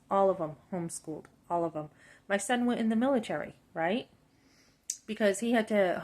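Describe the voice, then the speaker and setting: A woman in her fifties telling a personal story about work, animated and indignant, acting out both sides of the conversation. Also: mid-range voice. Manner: animated, indignant, talks through her frustration. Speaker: vlogger.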